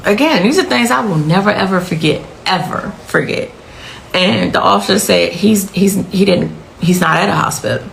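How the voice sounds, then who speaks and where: A woman's voice: medium pitch, moderate pace, gravelly, fairly bright tone, a little hiss or hum, low-quality recording. A middle-aged woman telling her own emotional account as a victim's mother, intense and repeating phrases for emphasis.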